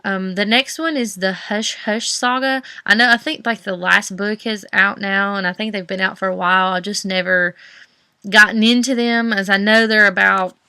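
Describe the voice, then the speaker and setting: A woman's voice: mid-range voice, fairly even intonation, moderate pace, bright, forceful tone, smooth, dry recording. A young woman with a Southern US accent, chatting casually about books on her vlog, rambling with many fillers and restarts. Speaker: book vlogger. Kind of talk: casual chat.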